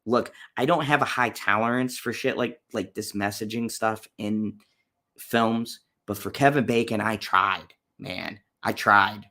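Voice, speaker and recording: A man's voice: fairly low pitch, fairly bright tone. A man hosting a casual livestream, reviewing horror movies with blunt, profane ranting and chatting with viewers. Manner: talks to live chat viewers. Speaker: channel host.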